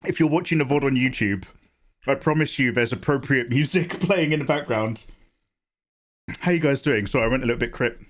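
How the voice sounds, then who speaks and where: A man, slightly hoarse from a cough, casually chatting and joking with viewers while he draws on a live stream. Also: medium pitch, fairly quick. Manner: chatty, joking, greets chat by name. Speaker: art streamer.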